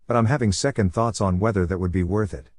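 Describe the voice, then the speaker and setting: A man voicing a sharp-tongued teenage ninja girl who talks in a snappish, sarcastic way. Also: on the low side, fast, dry recording, clean studio sound, close to an everyday voice. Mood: irritated.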